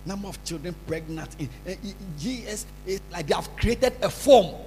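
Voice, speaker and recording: High, animated preacher in a hall. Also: male voice, normal speed, background noise. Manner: scolding, repetitive, bursts into shouts. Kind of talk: sermon. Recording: reverberant hall with faint music.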